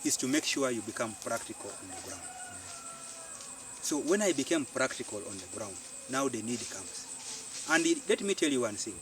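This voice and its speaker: A Ugandan man, a farmer and community organiser, telling his story in an animated way and repeating phrases for emphasis, recorded outdoors. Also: mid-range voice, moderate pace, background noise. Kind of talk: storytelling interview. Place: outdoors on a farm. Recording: distant mic outdoors, faint insects.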